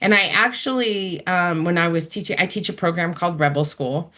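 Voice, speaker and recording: A woman in a relaxed interview conversation, her speaking voice sitting a little low. She talks with energy and often slips into quick acted-out asides for the voices in her head. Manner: animated, acts out inner voices in quick asides. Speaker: guest.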